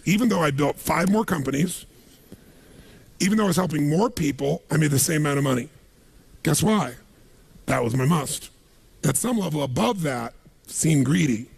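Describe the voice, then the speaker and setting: Gravelly raspy guy fired up at a seminar, high voice, keeps quizzing the crowd. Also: animated, a little fast. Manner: emphatic, calls out questions for the crowd to answer. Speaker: motivational speaker. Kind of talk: motivational seminar talk to a live audience.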